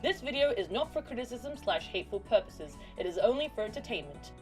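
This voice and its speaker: A woman's voice: fairly high pitch, sing-song, fairly quick, faint music behind. Chatty, playful young woman. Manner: chatty, playful, self-mocking. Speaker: fanfiction reader and video host. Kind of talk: casual chat and story reading. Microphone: microphone.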